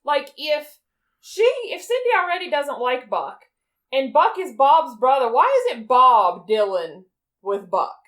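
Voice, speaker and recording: A woman's voice: sits high, sing-song, unhurried. A woman in her thirties co-hosting a movie podcast, chatting casually in a blunt, swearing, incredulous way. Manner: blunt, profane, incredulous questioning. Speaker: podcast co-host. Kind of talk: casual movie discussion chat.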